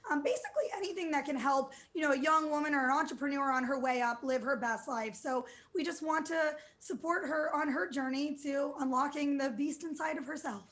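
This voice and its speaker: A woman in her thirties with a high voice speaks as a guest on a news program. She answers in an upbeat, fluent way, leaning on "you know" as she goes. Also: a bit bright. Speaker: guest, DJ and entrepreneur. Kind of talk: remote TV news interview.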